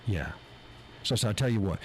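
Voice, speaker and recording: This American man has a fairly low voice and speaks fast, hosting his live show over a mixer board mic. The low-quality recording carries a little hiss or hum as he tells a casual, animated story, exasperated and freely swearing as he gets more heated.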